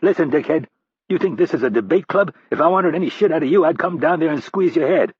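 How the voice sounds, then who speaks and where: A man voicing a gruff, angry middle-aged male CIA operative who barks profane orders. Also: on the high side, animated, fast, no room sound, dull audio, pitched above the performer's own voice. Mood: furious.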